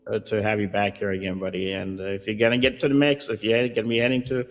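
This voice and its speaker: A man hosting an interview, friendly and halting, with many fillers. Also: lowish voice, flat delivery. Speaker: podcast host.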